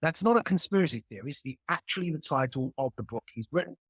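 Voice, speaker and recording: A man's voice: on the high side, expressive, quick pace, fairly bright tone, slightly rough, dry recording, studio quality. A man speaking as a guest on a video call, building his points emphatically through analogies and repetition. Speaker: guest commentator. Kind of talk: animated explanatory conversation.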